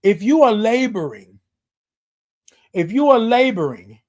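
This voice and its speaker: A man's voice: sits high, very animated, unhurried, a little mellow. A man hosting a live morning stream, talking casually with an affectionate, repetitive, preacher-like delivery and greeting viewers by name. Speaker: host of a live morning show. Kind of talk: casual livestream talk. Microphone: streaming live on social media.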